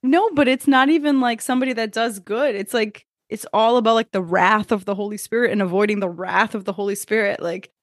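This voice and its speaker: A woman co-hosting a podcast, talking casually with wry, deadpan asides. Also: medium pitch, brisk, few pauses, no room sound, studio quality. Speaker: podcast co-host. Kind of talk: casual chat.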